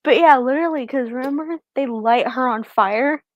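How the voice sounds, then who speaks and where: A woman from the Midwest co-hosting a podcast in casual chat, teasing with quick short replies. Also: high voice, dry recording, highs cut off. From Midwest United States. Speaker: podcast co-host.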